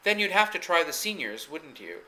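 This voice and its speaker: A man's voice: a little high, very animated, moderate pace, sharp tone, voice pushed up, exaggerated voice, poor audio. A man voicing a polite, eager young male student fresh off the farm, recorded on a camcorder mic. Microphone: camcorder microphone.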